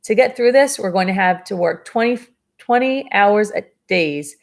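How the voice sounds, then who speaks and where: A woman reading the part of a gruff, stern male ship's mate who speaks bluntly and snarls at the crew. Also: medium pitch, lively intonation, moderate pace.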